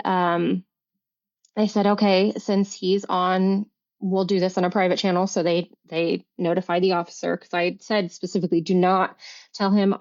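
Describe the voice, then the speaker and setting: A middle-aged woman, a podcast guest, telling a personal story in an earnest, halting way with many restarts and fillers. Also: fairly low pitch, a little mellow. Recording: dull lo-fi recording.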